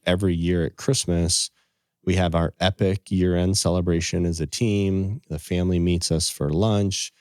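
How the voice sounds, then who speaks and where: Low, mellow middle-aged man. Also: fairly even intonation, normal speed, clear, resonant tone, no room sound, clean studio sound. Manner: earnest, quotes scripture and sayings. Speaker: financial advisor, podcast guest. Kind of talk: casual storytelling in conversation.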